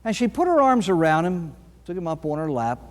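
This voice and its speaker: A man, a priest, giving a recovery talk full of anecdotes, telling his stories dramatically with long pauses and sudden emphasis. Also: a little high, sing-song. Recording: long hall reverb.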